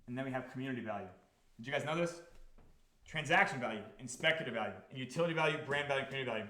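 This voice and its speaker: A man's voice: mid-range voice, racing, bright, forceful tone, roomy sound. A man hosting a live stream, talking casually to chat and swearing freely. He repeats himself and keeps asking the audience whether they follow. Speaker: crypto project founder hosting a live stream.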